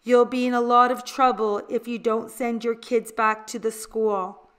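A woman reading the lines of a menacing male government agent who threatens a family, slow and pointed. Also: fairly high pitch, flat delivery, fairly bright tone, clear, resonant tone. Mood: threatening. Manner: snarling, threatening.

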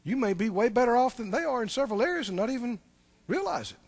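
A man's voice: extremely high pitch, expressive, quick pace, vocal fry, no room sound. A man preaching a sermon, emphatic and repetitive, speaking directly to the congregation. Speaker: pastor.

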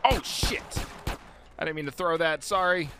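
A man streaming a game live, excitable and full of swearing and sudden yelps. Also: on the high side, normal speed, noisy background. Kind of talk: live gameplay commentary.

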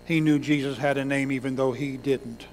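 A man's voice: mid-range voice, fairly even intonation, moderate pace, a little hiss or hum. A man preaching a sermon in a church, telling the story dramatically and crying out the lines of the people in it. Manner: dramatic storytelling preacher who acts out cries. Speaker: pastor. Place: church sanctuary. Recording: long hall reverb.

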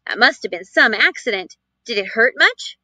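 Woman playing a curious little boy, eager and coaxing, high lively voice. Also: normal speed, no echo, full character voice.

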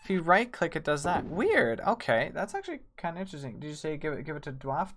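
A woman streaming a game, chatting with viewers as she plays, with sudden excited squeals. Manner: chatty, reads and answers chat while playing; excitable, quick bursts of high squeals. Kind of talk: live gameplay commentary. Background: faint game music.

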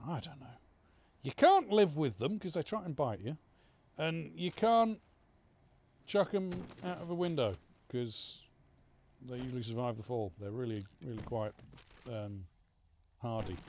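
A man's voice: medium pitch, darkish tone, a little hiss or hum. A man commentating a game he plays, chatting sarcastically to the characters on screen. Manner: chatty, sarcastic, talks to game characters, mock-panicked outbursts. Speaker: gaming streamer. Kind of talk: casual let's-play commentary.

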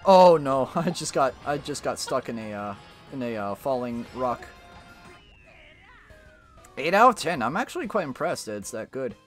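A man's voice: medium pitch, big pitch swings, normal speed, pauses often. A young man streaming a racing game with friends, chatting casually and laughing often. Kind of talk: casual gaming chat with friends. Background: game music.

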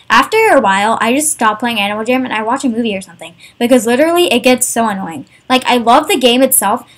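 A young woman vlogging casually over a game, ranting in an exasperated way, full of "like" and fillers. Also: fairly high pitch. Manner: exasperated, fast, filler-heavy with many "like"s. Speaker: gaming vlogger.

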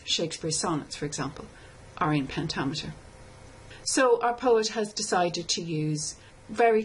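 A woman lecturer giving a scripted tutorial, explaining step by step in a measured way and reading lines of verse slowly. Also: fairly low pitch, breathy edge, poor audio. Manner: measured, explanatory, reads poem aloud slowly. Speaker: literature lecturer.

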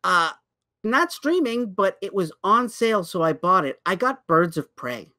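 Animated man retelling a show. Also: high-pitched, a little slow. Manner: animated storyteller, many restarts. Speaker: podcast co-host. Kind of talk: casual chat.

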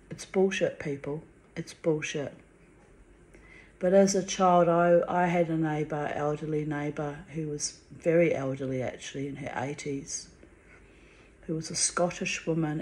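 A woman's voice: low-pitched, darkish tone, a little hiss or hum. A middle-aged woman speaking in a personal vlog monologue, bitter and confiding, with blunt swearing. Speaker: vlogger.

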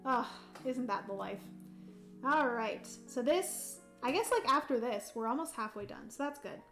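A young adult woman hosts a board game livestream, playing a solo game while chatting casually, reading viewer comments aloud, and explaining rules with lots of ums. Her voice is fairly high and a bit bright, with lively intonation and a moderate pace. Faint music plays in the background.

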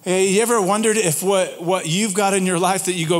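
A man preaching a conversational sermon as pastor, animated, asking the audience questions and restarting phrases as he goes. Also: high voice, fairly quick, few pauses, soft background music.

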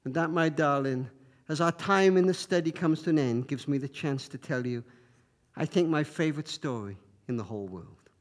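A man telling a story to an audience, speaking in a halting way with many repeated words. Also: a little high.

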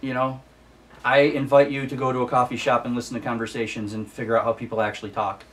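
A man's voice: medium pitch, level tone, fast, recorded from a distance. A man hosting a casual book review vlog, ranting with exasperation and repeating himself for emphasis. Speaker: book vlogger.

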